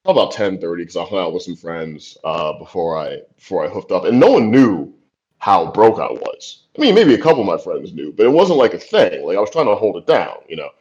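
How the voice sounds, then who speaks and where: A screenwriter in his forties is interviewed and tells stories casually, with lots of "like" and "you know" and easy laughter. His voice is low, sing-song, fairly quick, and a little mellow. The recording is dull and lo-fi.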